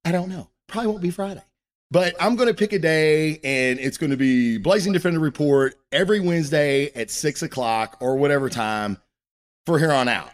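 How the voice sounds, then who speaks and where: This comic book show host talks fairly quickly in a higher-pitched voice. His casual live-stream chatter is profane, loose, and full of rambling.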